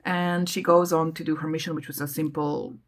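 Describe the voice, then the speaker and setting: A woman's voice: low-pitched, little pitch movement, a little fast. Chatty, rambling woman book vlogger. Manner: chatty, rambling, with frequent hesitations. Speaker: book vlogger, channel host. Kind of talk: casual book vlog chat.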